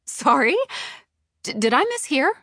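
Brief: woman playing a furious young TV exec, high and lively, close dry audiobook voice. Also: normal speed, husky, dry recording, heavily acted. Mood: outraged. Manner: outraged, pleading. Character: indignant young female TV development executive. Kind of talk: audiobook character reading.

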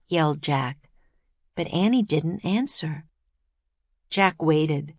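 Lady reading a kids audiobook, slow and sing-songy, dry close sound. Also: deep voice, dry recording. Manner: gentle, expressive storytelling. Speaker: author reading her own book. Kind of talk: children's audiobook narration.

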